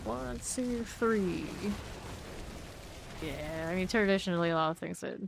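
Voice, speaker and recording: A woman's voice: on the low side, gravelly, noisy background. A woman streaming a game, chatting casually with her chat and muttering item names while she loots. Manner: chatty, reads chat aloud and answers it, with quick asides.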